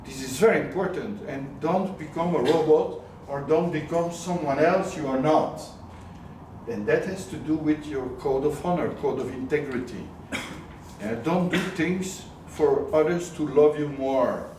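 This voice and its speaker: Lively male business coach, higher voice, questions the room a lot, echoey room, heard from afar. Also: a little slow, far from the mic, slight background noise. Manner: lively, questioning the audience often; mixes in words of another language. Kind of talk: live coaching talk to a group.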